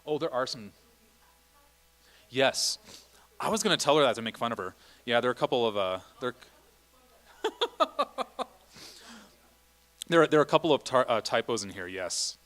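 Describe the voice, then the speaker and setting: A middle-aged man leads a church choir rehearsal in a relaxed, chatty way. His voice sits at a middle pitch, and he keeps breaking into sung vowels and short phrases to show the singers what he wants. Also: a little fast, pauses often. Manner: chatty, sings vowel and Latin examples. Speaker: choir director.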